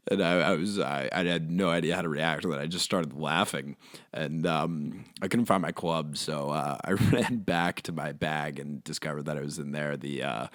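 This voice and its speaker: Very deep-voiced man telling crude stories. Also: dry recording, studio quality. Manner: profane, rambling, lots of fillers. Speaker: podcast host. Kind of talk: comedic monologue.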